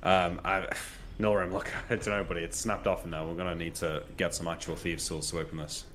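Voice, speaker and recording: A man's voice: sits low, level tone, a little fast, a bit bright, slight background noise. A man playing a tabletop game over an online voice call, chatty and thinking aloud as he talks. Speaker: player. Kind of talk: casual tabletop game play.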